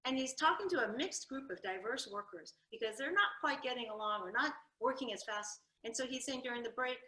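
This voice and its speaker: A woman telling her family's history at a library talk, lively and animated, acting out her grandfather's jokes. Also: fairly high pitch, a little fast. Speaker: storyteller giving a library talk. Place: library event room. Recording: echoey room.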